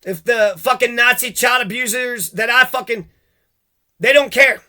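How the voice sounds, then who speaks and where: A man's voice: very high voice, measured pace, bright, forceful tone. A man delivering a heated, profane rant, cursing and jumping from one grievance to the next.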